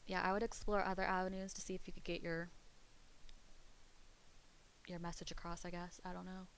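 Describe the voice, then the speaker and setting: A woman's voice: fairly low pitch, little pitch movement, a little fast, a little hiss or hum, rough recording. A young adult woman streaming live, chatting casually with her viewers in a rambling way, losing her train of thought and laughing often. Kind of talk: casual livestream chat.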